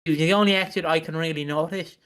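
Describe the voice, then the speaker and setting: Bright, high-voiced joking male podcaster. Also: fairly even intonation, fast talker, clear, resonant tone. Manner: rambling, joking, sweary. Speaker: podcast co-host. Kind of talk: casual chat.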